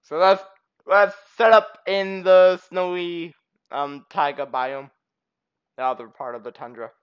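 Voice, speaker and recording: A gaming channel host giving excitable let's-play commentary, quick to laugh and shriek. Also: medium pitch, clear, resonant tone.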